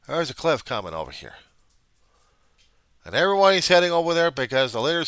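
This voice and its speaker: A man speaking in a rambling, self-deprecating video diary to a reverend, moving between quiet musing and loud outbursts. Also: mid-range voice, sing-song, quick pace, long pauses, no room sound, clean studio sound. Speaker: video diarist addressing a reverend. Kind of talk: personal video diary monologue.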